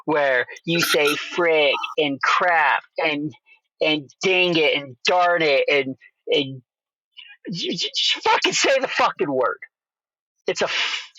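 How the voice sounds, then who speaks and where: A man from Utah co-hosts a casual podcast, emphatic and heavy on the swearing. His voice is fairly high and bright with a tense edge, recorded dry and close with no room sound. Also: no room sound, muffled recording. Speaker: podcast co-host.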